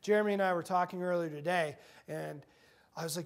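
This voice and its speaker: Man, middle-aged, motivational speaker, fired-up, animated delivery. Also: high voice, fast. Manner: energetic, animated, acts out quotes. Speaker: guest speaker. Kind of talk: motivational talk. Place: university meeting room.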